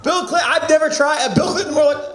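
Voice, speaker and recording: A man's voice: very high-pitched, fast, noisy background. A man hosting an open mic, teasing the last comic and introducing the next one. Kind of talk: emceeing between comics. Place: small room at a comedy open mic. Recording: echoey room with crowd. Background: audience.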